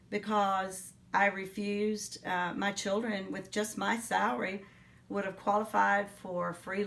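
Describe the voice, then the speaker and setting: A middle-aged woman giving an oral history interview, telling her story in an earnest, reflective way with pauses and fillers. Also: medium pitch, vocal fry, a bit bright, recorded from a distance. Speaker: interviewee, teacher.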